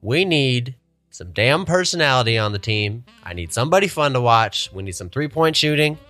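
A man's voice: mid-range voice, animated, moderate pace, bright, forceful tone, no room sound. Young man, podcast co-host, casual sports chat, jokey, laughs a lot, dry close sound, faint music. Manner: joking, laughs often.

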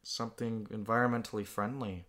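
Bright-voiced young man reading, amused. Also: lowish voice, steady tone, fairly quick. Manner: amused, laughs often while reading. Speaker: host reading aloud his own childhood comic book. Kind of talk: casual chat.

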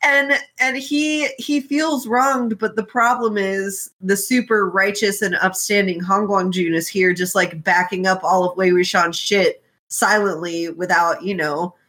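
A woman talking in an animated, chatty way, cussing freely and slipping into quick character voices as she recaps a story. Her voice sits at a middle pitch. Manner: animated, swearing, acting out characters in quick quotes. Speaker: podcast co-host. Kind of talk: casual chat recapping a novel.

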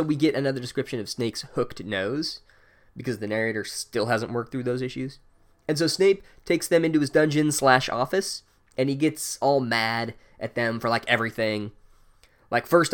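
A young man recaps a book chapter with dry, sarcastic humor. He mocks the plot in a deadpan way and swears freely. His voice sits in an ordinary middle range. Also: medium pitch.

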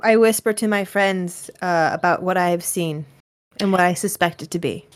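A woman's voice: lowish voice, normal speed. Woman playing d&d, casual, kinda playful. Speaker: tabletop game player. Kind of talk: casual play chat.

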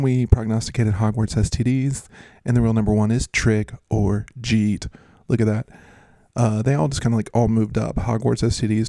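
A man's voice: mid-range voice, creaky, dark tone, dry recording. A man hosting a fantasy football podcast in a jokey, rambling casual chat. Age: adult, works as a schoolteacher. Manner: jokey and rambling, with frequent laughs.

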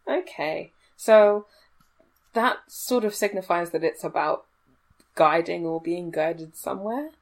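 A woman's voice: on the low side, takes it slowly. Thoughtful woman co-host posing questions. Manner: thoughtful, asks discussion questions. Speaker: podcast co-host. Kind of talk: casual book discussion.

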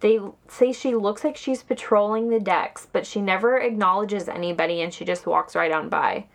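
A woman's voice: mid-range voice, moderate pace, gravelly. Brief: woman co-host, easygoing ghost-story teller, mid-range voice. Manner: relaxed, informal storytelling with fillers. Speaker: podcast co-host. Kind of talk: casual chat, relating ghost lore.

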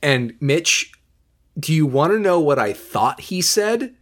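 A man co-hosting a casual podcast, recapping scenes in a hesitant, deadpan way full of filler words. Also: fairly high pitch, slow pace. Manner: hesitant, many ums and uhs, deadpan. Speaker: podcast co-host. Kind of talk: casual chat.

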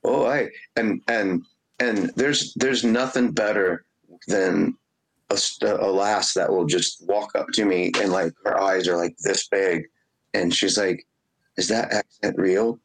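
Interview guest, male, lowish voice, animated anecdotes, occasional put-on Scottish brogue. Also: measured pace, a little hiss or hum, poor audio. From Indianapolis, USA. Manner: animated storyteller, laughs often, slips into a Scottish brogue. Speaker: guest musician and actor. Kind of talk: casual interview chat.

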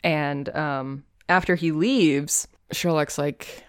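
A woman's voice: low voice, takes it slowly, smooth, no room sound, studio quality. A woman co-hosting a casual chat, rambling through a recap with lots of fillers. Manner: rambling recap, many fillers, acts out quotes. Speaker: podcast co-host.

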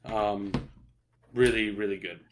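A man's voice: fairly low pitch, steady tone, takes it slowly, background noise. A young man in casual podcast chat, laid-back and swearing often, with lots of fillers and restarts. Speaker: podcast co-host.

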